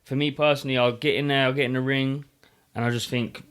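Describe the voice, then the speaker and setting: A man, a boxer, speaks on a casual podcast. His tone is earnest and reflective, and he leans on fillers as he gathers his thoughts. His voice sits in an ordinary middle pitch. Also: steady tone, fast, a bit bright, clear, resonant tone. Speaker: boxer guest.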